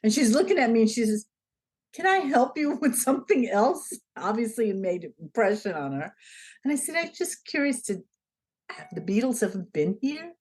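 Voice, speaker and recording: A woman interview guest, her voice on the high side with a breathy edge and normal speed, tells a story conversationally. She is animated and acts out the dialogue as the story unfolds.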